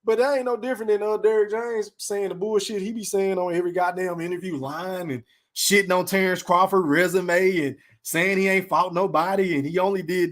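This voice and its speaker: Male streamer host, high-pitched, relaxed slangy delivery with lots of profanity. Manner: laid-back slang, shouting out chat names, profane. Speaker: podcast host reading live chat. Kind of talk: casual live-stream chat.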